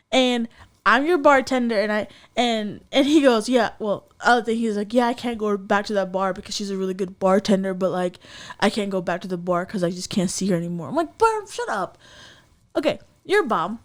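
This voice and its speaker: A woman's voice: medium pitch, a little fast. A woman co-hosting a casual podcast chat, telling a story animatedly with lots of fillers and acted-out quotes. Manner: animated storytelling, acts out voices, many fillers. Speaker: podcast co-host.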